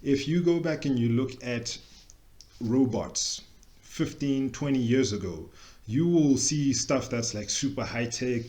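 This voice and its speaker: A young adult man, presenting a workshop in a casual, joking way with quick tangents. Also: medium pitch, a little mellow. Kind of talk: casual explanatory talk.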